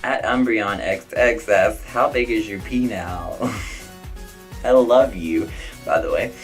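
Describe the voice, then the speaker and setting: Chatty young man, loud and outspoken. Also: fairly low pitch, slow, soft background music, low-quality recording. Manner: chatty, outspoken, lots of "like" and "I don't know". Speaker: vlogger answering viewer questions. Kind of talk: casual Q&A vlog.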